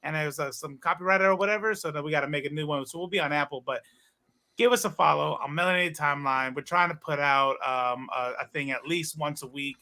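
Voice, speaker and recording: A man's voice: on the high side, fast talker, bright, forceful tone. A man hosting a casual online comics chat in a loose, joking way. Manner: laid-back, joking. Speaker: podcast host.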